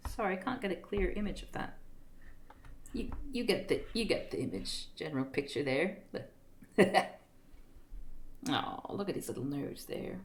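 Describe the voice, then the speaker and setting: A woman streamer reads a book aloud on a live stream with a lively pitch that rises and falls a lot. She keeps breaking into giggles and chatty asides and trips over unfamiliar words. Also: a little slow, long pauses.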